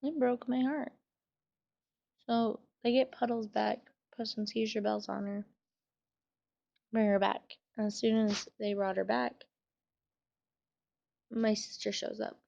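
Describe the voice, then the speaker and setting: A woman's voice: on the high side, flat delivery, slow pace, vocal fry, long pauses, darkish tone, dull audio. A young woman telling a sad personal story in a casual vlog, swearing and using many fillers while she fights back tears. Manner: emotional, trying to hold back tears. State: tearful. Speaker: vlogger.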